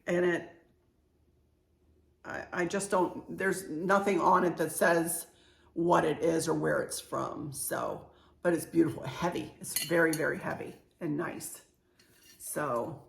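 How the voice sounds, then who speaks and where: A woman in her sixties talks casually in a show-and-tell vlog, gushing and sprinkling her speech with "you know." Her voice sits in a middle pitch. The room around her sounds echoey. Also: a bit bright. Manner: chatty, gushing, frequent "you know" and "cute". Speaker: home decor vlogger.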